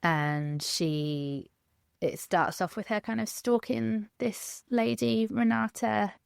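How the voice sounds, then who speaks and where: A woman's voice: mid-range voice, slow, creaky, clear, resonant tone, no echo, studio quality. A woman co-hosting a book podcast, talking casually and loosely with fillers. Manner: relaxed, conversational, uses fillers like "kind of". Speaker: podcast co-host.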